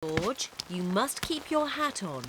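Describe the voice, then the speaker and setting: A patient cartoon mummy pig. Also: female voice, medium pitch, sing-song, slow, poor audio. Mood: motherly. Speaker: mother character. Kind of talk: cartoon voice acting.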